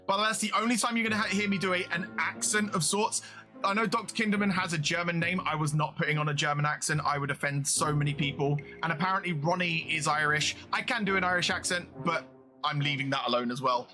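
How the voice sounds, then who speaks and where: A man casually commenting on a game he is playing, chatty and jokey, with quick asides. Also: fairly high pitch, sharp tone, soft background music. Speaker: gaming video host.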